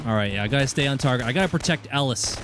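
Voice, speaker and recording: A man's voice: medium pitch, lively intonation, rapid-fire, noisy background. Friendly Canadian man streaming a game. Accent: British Columbian Canadian. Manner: friendly, thanks viewers, restarts his words. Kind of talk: casual live gameplay chat. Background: game music and gunfire.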